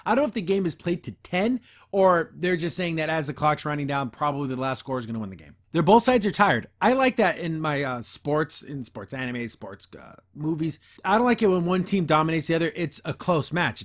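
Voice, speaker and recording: A man's voice: fairly high pitch, lively intonation, a little fast, few pauses. Laughing, enthusiastic male podcast host. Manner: enthusiastic, laughs often, rambling. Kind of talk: casual episode review.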